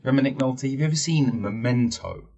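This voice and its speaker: A man's voice: mid-range voice, brisk, mellow. A man hosting a casual solo podcast, rambling and jokey and swearing freely. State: wearing teeth-straightening trays. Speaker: podcast host.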